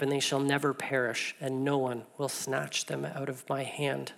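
A preacher working through a passage in a sermon. Readings give way to a slow, emphatic repeated refrain. Between them come conversational asides full of small restarts and fillers. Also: medium pitch, little pitch movement, vocal fry, a bit bright. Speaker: pastor.

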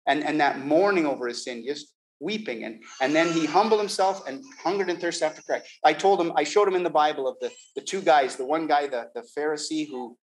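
A man's voice: a little high, brisk, hardly any pauses, a little hiss or hum, low-quality recording. A man telling a personal faith testimony, stumbling over and repeating words as he acts out what others said. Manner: animated, repeats words, acts out quoted dialogue. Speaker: Christian giving a personal testimony. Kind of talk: storytelling testimony.

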